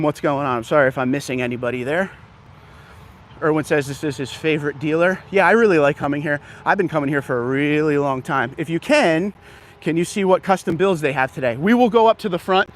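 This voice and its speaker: A man's voice: fairly high pitch, a bit bright. A man hosting a casual live stream, walking through an outdoor dealership lot and greeting viewers by name, a little out of breath from walking. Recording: faint outdoor background noise.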